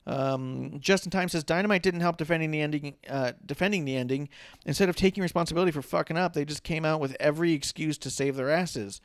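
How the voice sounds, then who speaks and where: A man's voice: fairly high pitch, fast talker, no echo. A man co-hosting a casual wrestling talk show, ranting with sarcasm and swearing freely. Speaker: podcast co-host.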